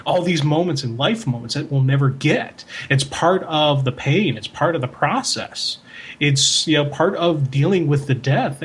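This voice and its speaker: A man co-hosting a comics podcast, talking in casual chat with emotional, animated storytelling. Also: fairly high pitch, slightly rough. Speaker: podcast co-host.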